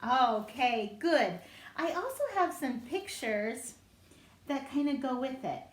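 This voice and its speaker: A woman leading a children's singing lesson, talking gently and encouragingly to the children. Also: high voice, animated, slow pace, reverberant. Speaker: primary singing time leader.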